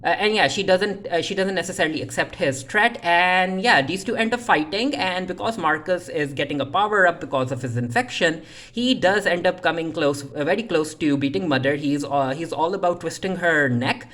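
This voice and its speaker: A TV series reviewer loosely recaps an episode, paraphrasing lines and retelling scenes with plenty of "uh" fillers. The voice is medium-pitched and fairly bright, at a moderate pace.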